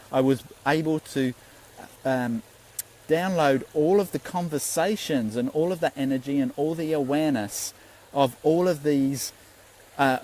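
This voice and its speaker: A man's voice: a little high, darkish tone, poor audio. A man, a spiritual teacher giving an earnest, rambling Facebook Live talk and swearing freely.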